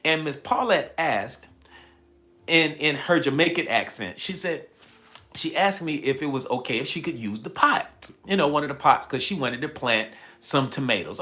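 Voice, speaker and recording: A man hosting a livestream, telling a story to his chat in a casual, animated way and repeating phrases as he builds it. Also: on the high side, moderate pace. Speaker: livestream host.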